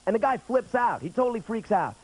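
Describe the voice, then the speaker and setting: His voice is very high and husky with a darkish tone, swinging widely in pitch as he talks fast. He's a stand-up comic in his thirties on a late-night TV studio stage before an audience, chatty and playing out other people's lines, captured in noisy 1990s broadcast audio.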